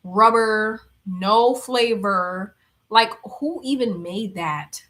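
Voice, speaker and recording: A woman's voice: mid-range voice, drawn-out words, fairly bright tone. A young woman chatting casually on a livestream, reading comments aloud, blunt and laughing often. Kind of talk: casual chat.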